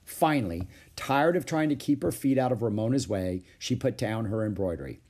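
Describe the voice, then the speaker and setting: A man reading a children's book aloud with expressive storytelling. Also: on the low side, moderate pace, husky. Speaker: storybook reader.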